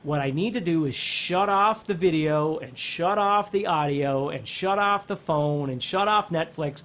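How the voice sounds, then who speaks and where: A middle-aged man teaching guitar in a relaxed, conversational way, thinking aloud and circling back as he explains. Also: sits high. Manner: animated, talks with his hands, thinks aloud with restarts. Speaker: guitar instructor.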